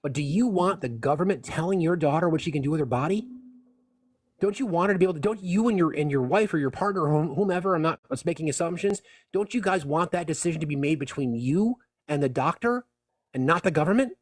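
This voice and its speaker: A man's voice: fairly high pitch, expressive, quick pace, husky, dry recording. A man hosting a debate, pressing his guests bluntly with pointed questions. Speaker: host. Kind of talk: moderating a debate.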